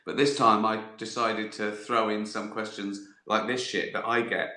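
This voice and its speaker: A man's voice: lowish voice, flat delivery, moderate pace, pushed and bright, roomy sound. A middle-aged man, hosting a casual livestream and answering viewer questions with swearing, self-mocking banter. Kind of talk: casual chat. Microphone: phone.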